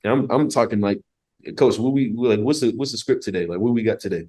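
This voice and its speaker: Speaking as a podcast guest, a young man who used to play college football tells a story in a laid-back, casual way. He talks fast and loose, packing in slang, jokes and curse words, in a deep, low and slightly mellow voice.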